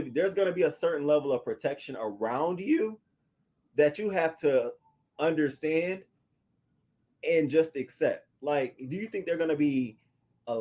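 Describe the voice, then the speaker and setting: A man reviews a reality show in casual, animated, profane commentary. He talks back to viewers' comments and acts out what he would have said, delivering those quoted lines in a higher, louder voice.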